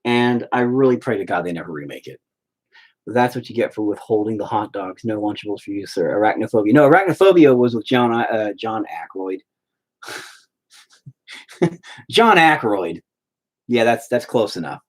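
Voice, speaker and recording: A man's voice: on the low side, brisk, a little mellow. A man hosting a live stream, chatting casually and rambling, with heavy swearing. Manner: profane, rambling.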